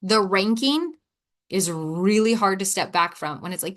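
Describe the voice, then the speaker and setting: A woman's voice: medium pitch, expressive, unhurried, fairly bright tone. Candid, self-deprecating woman podcast host. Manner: candid, self-deprecating, with sighs and playful sass; acts out quoted dialogue in shifting voices. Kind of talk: casual self-help podcast monologue.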